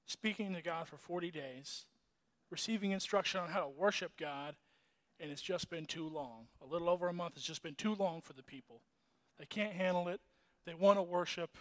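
A man's voice: high voice, moderate pace. A man giving a casual, conversational sermon, retelling a story with restarts, fillers and chuckles. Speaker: preacher.

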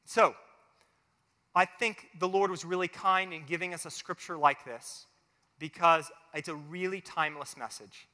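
Animated high-voiced pastor in a reverberant hall. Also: male voice, moderate pace. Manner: animated, acts out little quoted voices. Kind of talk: family sermon with closing prayer.

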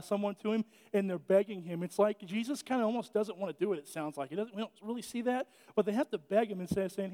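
A man with a high voice delivers a casual, joking sermon in a church and keeps restarting his sentences. A long reverb from the sanctuary trails after every phrase. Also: dark tone. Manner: chatty and joking, with many restarts. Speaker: preacher. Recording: echoey church hall.

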